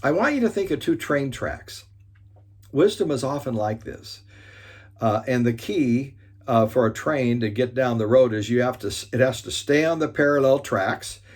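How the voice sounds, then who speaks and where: A man giving an earnest motivational talk on resolving conflict. He leans on key points by slowing down and often restarts his sentences. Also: mid-range voice, lively intonation.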